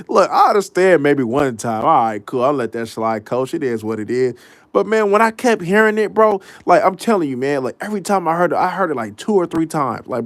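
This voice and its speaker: A man hosting a casual sports talk show, animated and mocking, laughing often and mimicking people. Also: on the high side, fairly quick, dry recording. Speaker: podcast host.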